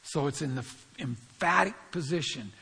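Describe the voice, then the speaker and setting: A man's voice: fairly high pitch, lively intonation, moderate pace, sharp tone, breathy edge, big-room sound. A man with a scratchy voice giving earnest, emphatic verse-by-verse Bible teaching and speaking straight to his listeners.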